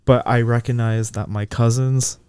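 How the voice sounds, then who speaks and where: A man co-hosting a casual podcast, talking in a relaxed, reflective way and laughing easily. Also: medium pitch, moderate pace, smooth, dry recording. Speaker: podcast co-host.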